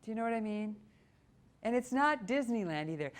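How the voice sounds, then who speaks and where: Animated Midwestern woman voice coach. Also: on the high side, a little fast. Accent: Upper Midwest American. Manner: warm, animated, breaks into short sung phrases. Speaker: voice coach and presenter. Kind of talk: library presentation talk. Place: public library meeting room.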